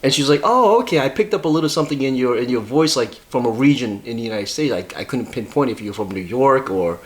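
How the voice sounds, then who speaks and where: Speaking quickly and expressively in a mid-range voice, this Boston-accented co-host from Massachusetts rambles through stories on a podcast. The chat is casual, and he hesitates often, leaning on lots of fillers.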